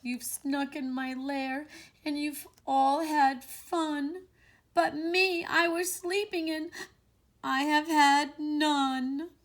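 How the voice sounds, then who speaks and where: A woman's voice: sits high, fairly even intonation, extremely slow, pitched above the performer's own voice. A woman voicing a grumpy male bear who was woken from his sleep. She reads his complaint aloud in a storybook reading for children. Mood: aggrieved.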